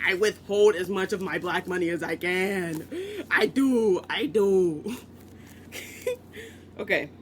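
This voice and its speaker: High-voiced man rambling about books. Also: a bit bright, a little hiss or hum. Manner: chatty, self-interrupting, joking asides. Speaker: book vlogger. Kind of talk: casual rambling vlog chat.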